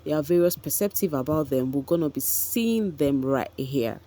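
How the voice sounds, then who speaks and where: A woman's voice: low-pitched, normal speed, dark tone. A woman, gossiping chattily about a reality show for her vlog viewers, with frequent asides to them. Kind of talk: casual commentary vlog.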